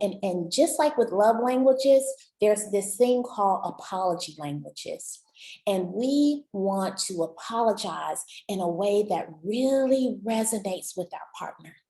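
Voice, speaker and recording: A woman's voice: mid-range voice, dark tone. Woman, relationship coach, encouraging, chatty, talks to the listener, roomy echo. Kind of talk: motivational talk to camera.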